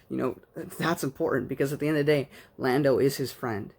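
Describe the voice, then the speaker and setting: A man's voice: mid-range voice, brisk, vocal fry. A man giving a casual spoken book review, rambling like an enthusiastic fan with plenty of fillers.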